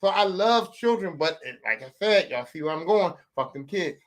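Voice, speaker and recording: A man's voice: sits high, lively intonation, moderate pace. A man, hosting a podcast with a profane, comedic rant that repeats lines for emphasis. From West Philadelphia. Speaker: podcast host.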